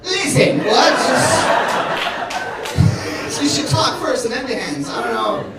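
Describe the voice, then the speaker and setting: A man with an Israeli accent doing teasing, animated stand-up crowd work from a comedy club stage. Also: extremely high pitch, a little fast, loud music behind the voice. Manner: teasing, animated, chatting with the audience. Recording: echoey club from far off with loud crowd. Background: loud audience laughter.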